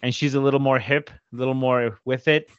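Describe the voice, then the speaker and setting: A man co-hosting a podcast, telling stories in profane, animated casual chat and slipping into quick impressions. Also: medium pitch, clean tone, no echo, dull audio. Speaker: podcast co-host.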